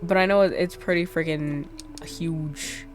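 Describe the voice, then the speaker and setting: Woman, low voice, game streamer, casual rambling chat, filler-heavy, soft music underneath. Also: fairly even intonation, unhurried.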